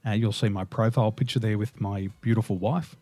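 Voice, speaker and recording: A man's voice: fairly low pitch, fairly quick, no room sound. Laughing Australian man telling stories. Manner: animated, laughs through his own stories. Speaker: guest. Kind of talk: casual storytelling interview.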